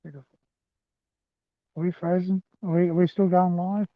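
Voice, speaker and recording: A man's voice: sits high, flat delivery, moderate pace, dry recording. A man walking a rural rail trail outdoors and chatting loosely to livestream viewers from a handheld phone. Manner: chatty, rambling, addresses viewers as guys. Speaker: livestreaming walker. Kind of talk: live walking vlog. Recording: thin phone-like sound, dry.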